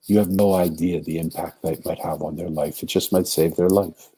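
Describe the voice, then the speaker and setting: A man with a low, dark, husky voice tells a story as a podcast guest. He speaks earnestly and acts out the voices of the people he quotes. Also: steady tone, normal speed. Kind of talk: storytelling in a conversation.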